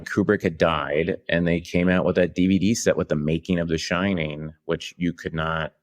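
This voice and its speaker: A middle-aged man with a very low voice, a guest on a podcast. He tells his stories in an animated way, restarting his sentences and laughing as he goes. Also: normal speed, faint music behind. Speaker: actor guest. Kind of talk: podcast interview anecdote.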